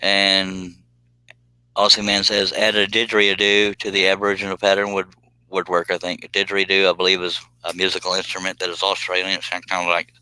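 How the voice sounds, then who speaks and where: A man's voice: low-pitched, monotone, brisk, bright, forceful tone, clean tone, no room sound, poor audio. A man, hosting a casual live stream and reading chat messages aloud in a folksy, drawling way.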